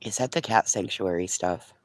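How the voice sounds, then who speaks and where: A man's voice: sits low, normal speed. A man in a casual, rambling live-stream chat, talking to his viewers and his pets early in the morning. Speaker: vlogger.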